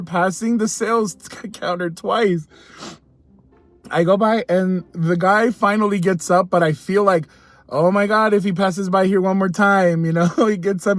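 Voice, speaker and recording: Guy with a high voice telling a story, chatty, laughs a lot, dry close sound. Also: dry recording. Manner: chatty, laughs often, repeats himself. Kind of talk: casual storytelling to camera.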